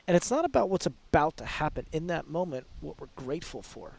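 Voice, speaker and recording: A man speaking as a podcast guest, giving energetic, emphatic coaching talk and often quoting example phrases. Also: fairly high pitch, fairly quick, gravelly, few pauses, husky.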